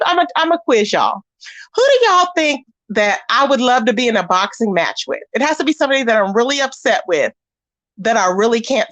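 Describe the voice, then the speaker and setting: Young woman streamer, sassy and animated, high bright voice, swings up and down a lot. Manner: sassy, animated, quick to laugh. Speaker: livestream host reading chat. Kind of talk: casual livestream chat.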